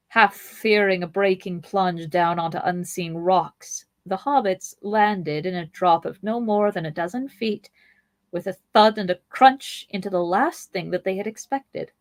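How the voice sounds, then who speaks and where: A woman hosting a podcast, reading a novel aloud in a measured, expressive way with playful asides. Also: lowish voice, no room sound.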